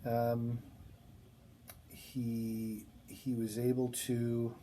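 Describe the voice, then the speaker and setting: A man's voice: medium pitch, completely flat delivery, extremely slow, warm tone, slight background noise. A man giving a classroom lecture, talking casually with many ums and restarts as he tells a story from his work.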